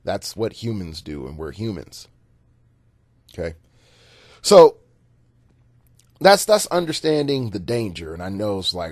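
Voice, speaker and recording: A man's voice: sits low, big pitch swings, unhurried, long pauses, dry recording, studio quality. A man hosting a solo podcast and coaching gamers in a rambling, casual monologue, repeating words and chuckling at his own jokes. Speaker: podcast host and game coach.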